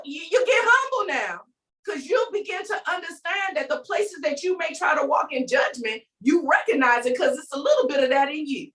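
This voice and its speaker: A faith vlogger with a high, fairly bright voice delivers an emphatic, preachy inspirational rant, calling out to her listeners as she vents. She sounds far from the mic in a low-quality recording.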